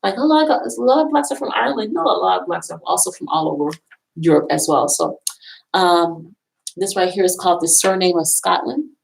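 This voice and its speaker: A woman's voice: fairly low pitch, brisk, vocal fry, rough recording. A woman vlogging casually from a college library, rambling and repeating herself as she shows off books. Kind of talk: casual talk showing books.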